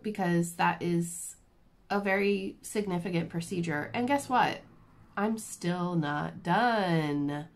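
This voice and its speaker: A woman vlogger telling a personal story in a casual, animated, self-deprecating way with lots of fillers. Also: fairly low pitch. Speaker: crafting vlogger.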